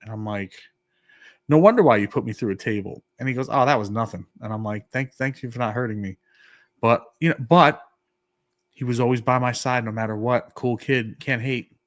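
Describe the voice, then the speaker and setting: A man's voice: medium pitch, fairly quick, no room sound, clean studio sound. A man, co-hosting a podcast and telling a story casually, acting out the dialogue and using lots of "like". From New York. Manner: animated, acts out quoted dialogue, many "like" fillers. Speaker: podcast co-host.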